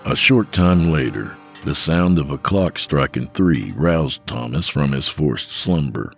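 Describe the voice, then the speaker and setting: Very deep gravelly male narrator. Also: animated, a little slow, soft background music. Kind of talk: scripted horror story narration.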